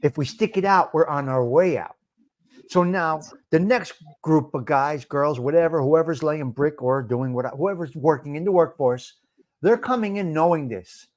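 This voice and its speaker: A man's voice: on the high side, normal speed, darkish tone. A male podcast host talking about working life from experience, repeating short emphatic phrases. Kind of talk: casual talk show chat.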